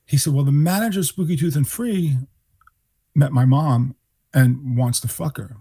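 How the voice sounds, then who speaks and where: A man in his sixties from New York, a guest musician telling animated stories and acting out the people he quotes. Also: mid-range voice, a little slow, gravelly, pauses often, breathy edge. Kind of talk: storytelling interview.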